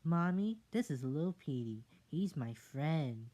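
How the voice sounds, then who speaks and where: A reader voicing an eager little kitten boy hero in a storybook reading, excited and slangy. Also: mid-range voice, takes it slowly.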